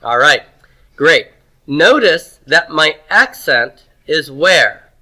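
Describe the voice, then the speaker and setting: A man's voice: on the high side, big pitch swings, takes it slowly, pushed and bright, rough recording. A man lecturing a class, drilling pronunciation and asking questions. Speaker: teacher.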